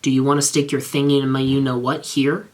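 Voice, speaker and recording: A man reading the lines of a brooding young gothic heroine in a soft, subdued way. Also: medium pitch, level tone, brisk, close to an everyday voice.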